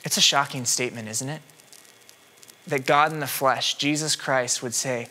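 Bright-voiced male preacher giving a sermon. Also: mid-range voice, fairly even intonation, moderate pace. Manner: dramatic, shifts between loud cries and hushed tones.

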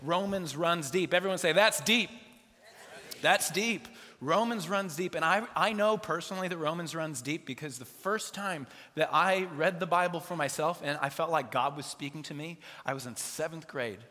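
A man in his thirties preaching in a large church sanctuary, his bright voice sitting a little high. He tells stories with playful asides and acts out bits of dialogue. A long reverb trails behind his words. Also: normal speed. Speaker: pastor. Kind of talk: sermon.

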